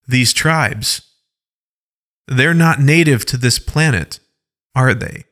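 A man's voice: mid-range voice, slow, pushed and bright. A man playing a shaken human space explorer who exclaims and stammers. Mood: stunned.

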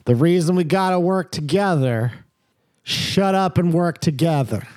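A gruff old horse elder who bosses the herd around with blunt orders, as a man puts him on. The voice is high-set and dark in tone, recorded dry and close. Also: unhurried, close to an everyday voice. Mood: bossy. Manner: bossy, blunt.

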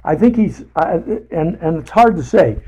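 A man leading a casual Bible study, talking haltingly with many fillers and restarts, and putting emphasis on paraphrased scripture. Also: a little high, expressive, mellow, muffled recording, a little hiss or hum.

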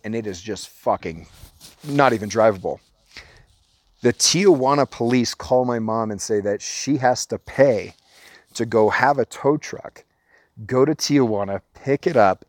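A man from Orange County, California, telling a profane story as a podcast guest in a casual, animated way. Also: on the low side, no room sound, studio quality.

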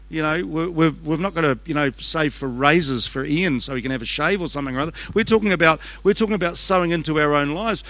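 A man with a New Zealand accent preaching a conference sermon, fast and conversational, joking with the crowd as he goes. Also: a little high, fairly bright tone, no room sound. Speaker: pastor. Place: church auditorium. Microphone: handheld microphone.

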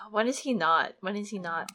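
A woman's voice: mid-range voice, normal speed, bright, forceful tone. A woman co-hosting a podcast in casual chat, easygoing, agreeable and wry. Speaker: podcast co-host.

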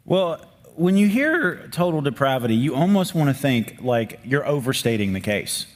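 A man's voice: medium pitch, sing-song, normal speed. Male pastor, firm and plain-spoken, reverberant room. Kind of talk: sermon discussion.

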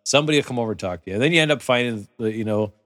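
A man's voice: medium pitch, very fast, fairly bright tone. A man on a podcast chatting casually and thoughtfully about parenting. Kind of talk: casual chat.

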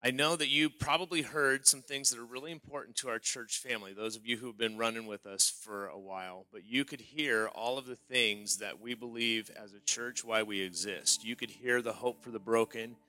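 A pastor on a church stage closing the service, speaking casually with some fillers. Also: male voice, medium pitch, steady tone, normal speed, hardly any pauses, sharp tone. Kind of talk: sermon closing, leading the congregation.

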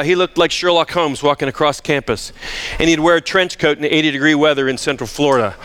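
Bright-voiced, animated preacher man. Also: fairly high pitch, clear, resonant tone. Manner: emphatic, animated, with frequent restarts. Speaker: pastor. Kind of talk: sermon. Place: church sanctuary.

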